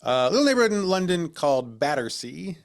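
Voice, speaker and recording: Gravelly-voiced American man, lively and joking. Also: a little high, fast. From United States. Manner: jokey, laughs often, slips into silly voices when quoting people. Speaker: podcast co-host and storyteller. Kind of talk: casual chat.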